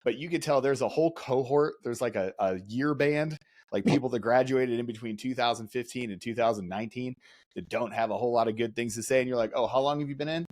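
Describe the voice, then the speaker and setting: A man's voice: medium pitch, fairly quick, darkish tone, no echo. Joking man hosting a podcast, dry sound. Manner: self-deprecating, joking. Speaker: podcast host. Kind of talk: casual chat.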